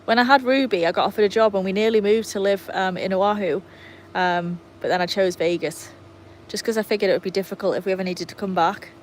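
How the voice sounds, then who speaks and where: An English woman chats easily on a livestream, reading out viewer comments and answering them one after another. Her voice sits at an ordinary middle pitch. Faint outdoor ambience stays under her. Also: steady tone, fast, a little hiss or hum, rough recording. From England. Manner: chatty, reads out viewer comments and greets them by name; baby-talks and calls to the dogs. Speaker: livestream host with dogs. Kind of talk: casual livestream chat. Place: outdoors by a pool in sunshine.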